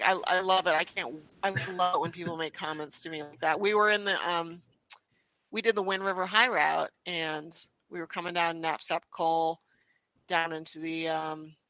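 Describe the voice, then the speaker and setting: A young adult woman chatting as a podcast guest and telling stories in a lively way, with lots of restarts and "you know.". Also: fairly low pitch, dry recording, rough recording. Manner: animated storyteller, frequent restarts and "you know". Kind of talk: casual conversation.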